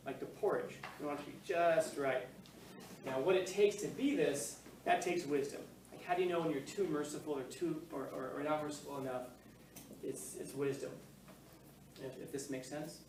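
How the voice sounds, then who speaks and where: A male teacher giving a casual, joking classroom lecture, full of fillers and questions to the class. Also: a little high. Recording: echoey classroom, mic far off, faint noise.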